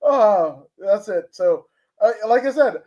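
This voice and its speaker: A man's voice: sits high, expressive, slow, dark tone. A man from Kentucky with a Kentucky accent, co-hosting a casual sports podcast and ranting in heated, profane bursts. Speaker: podcast co-host. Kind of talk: casual chat.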